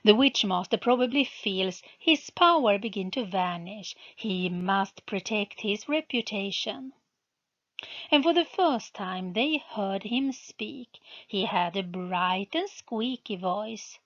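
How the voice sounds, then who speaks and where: A woman narrating a book aloud, reading slowly and carefully. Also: medium pitch, expressive, a bit bright, highs cut off. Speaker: reader, channel host. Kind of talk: storybook narration.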